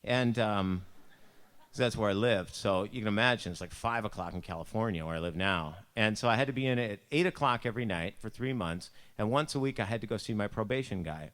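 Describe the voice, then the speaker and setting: This man's voice is lowish and fairly bright, and he talks fairly quickly in a Buffalo accent, being from Buffalo, New York. At a church devotion he tells a chatty personal story at his own expense, doing voices for the people in it.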